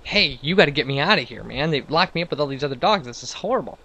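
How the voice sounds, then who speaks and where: A man's voice: fairly high pitch, animated, fast, sharp tone, exaggerated voice. A man voicing a chatty, boastful male talking dog in a spoken joke, rambling and offhand. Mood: complaining.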